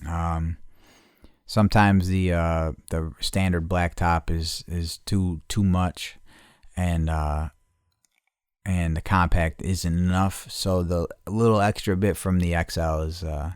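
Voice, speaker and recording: A man with a low, deep voice talks through a casual solo podcast episode. He rambles and swears constantly, trips over his own phrasing, and now and then jumps up into loud, excited outbursts. The sound is dry and close, with almost no room echo. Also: slow pace, clear, resonant tone. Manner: rambling, profane, self-correcting; swings to loud excited bursts. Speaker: podcast host.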